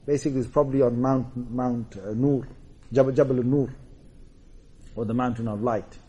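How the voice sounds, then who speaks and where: A man preaching a sermon, telling prophet stories with emphatic, animated delivery and rhetorical questions to his audience. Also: mid-range voice, normal speed, breathy edge, lo-fi sound. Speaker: Islamic preacher. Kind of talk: sermon storytelling.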